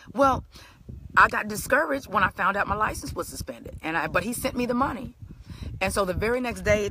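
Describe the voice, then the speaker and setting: A middle-aged woman telling her life story as a motivational speaker in a live stream, animated and conversational with a preacherly lift. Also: mid-range voice, noisy background.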